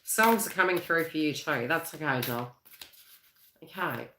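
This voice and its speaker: A woman's voice: sits low, animated, a little slow, noisy background. A woman from Australia hosting a live psychic reading, chatty and rambling, laughing often as she talks. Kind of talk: live-stream tarot and astrology reading. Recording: echoey room.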